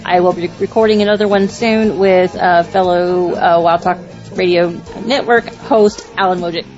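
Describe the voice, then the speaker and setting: A woman's voice: lowish voice, fairly even intonation, moderate pace, a little mellow, lo-fi sound, soft background music. A woman co-hosting an online wrestling radio show, chatty and plain-spoken. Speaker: co-host. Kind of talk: casual radio chat.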